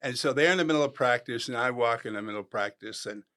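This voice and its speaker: A man in his sixties, a former football player, telling animated stories in a podcast interview and acting out the voices of people he quotes. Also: mid-range voice, quick pace. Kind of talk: storytelling interview.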